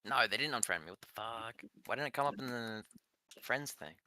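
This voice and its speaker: A man's voice: mid-range voice, expressive, fairly quick, heavy background noise. A man teasing and joking in casual group chat.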